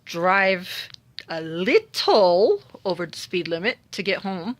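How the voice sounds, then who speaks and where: A woman's voice: fairly low pitch, slow. A woman telling a story from her own day in a casual monologue, wry and exasperated, acting out the people she met. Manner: animated, dramatic retelling with voiced quotes.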